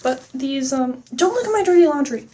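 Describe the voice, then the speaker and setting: High, chatty woman vlogger. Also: animated, normal speed, far from the mic, background noise. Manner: chatty, giggly, rambling and self-mocking; playing up a mock country accent. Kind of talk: casual get-ready-with-me chat.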